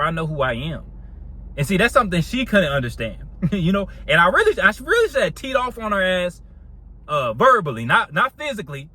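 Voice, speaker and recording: A man's voice: sits high, sharp tone, husky. A young man telling a casual storytime monologue in a slangy, laid-back way, laughing often.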